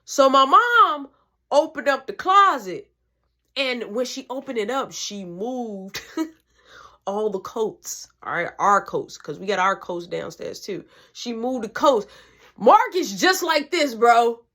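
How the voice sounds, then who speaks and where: A woman's voice: a little high, sing-song, slow, bright, forceful tone. A young woman telling a family story in a casual, slangy, profane way, acting out the voices.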